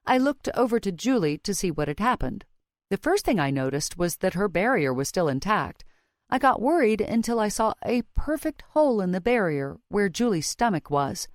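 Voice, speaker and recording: A woman narrating a fantasy audiobook in the first person with a steady, measured reading. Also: medium pitch, no room sound, clean studio sound.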